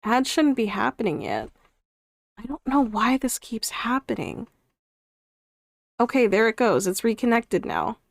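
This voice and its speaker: A woman streamer chatting casually on a live charity stream, excitable, laughing often and breaking into loud outbursts. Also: on the high side, unhurried, creaky, pauses often, dry recording, clean studio sound.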